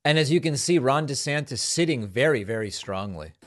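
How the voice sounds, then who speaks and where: A man hosting a political commentary show, sarcastic and mocking as he talks over clips. His voice sits at an ordinary middle pitch. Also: lively intonation, fairly quick. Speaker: political talk show host.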